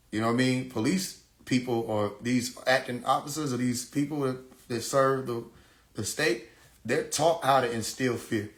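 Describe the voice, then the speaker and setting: A man telling a story on a live stream, animated and profane, who laughs often and mimics siren sounds. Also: medium pitch, reverberant. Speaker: livestream host. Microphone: phone.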